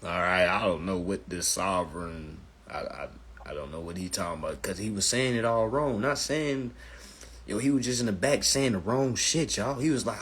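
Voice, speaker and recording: A man's voice: lowish voice, normal speed, a little hiss or hum. A man hosting a live stream, telling stories and giving advice in a casual, profane manner, often calling his viewers family. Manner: animated, profane storytelling, addresses viewers as family.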